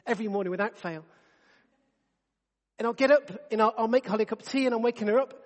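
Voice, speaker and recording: A man's voice: extremely high pitch, quick pace, long reverb tail. A man in his thirties preaching a sermon, earnest and conversational, often restarting his sentences. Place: church.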